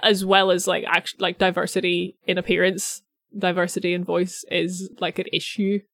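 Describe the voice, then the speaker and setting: A woman's voice: on the low side, flat delivery, moderate pace, dry recording, clean studio sound. A woman hosting a podcast who talks casually with many fillers and wraps up the show. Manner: chatty, lots of fillers. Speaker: podcast host. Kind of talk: casual chat.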